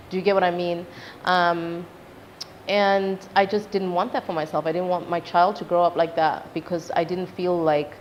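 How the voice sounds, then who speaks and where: This young woman's voice is fairly low-pitched with a darkish tone. A singer from Zimbabwe, she's interviewed informally and tells a personal story with animation, acting out what her parents said, in a dull lo-fi recording with faint background noise.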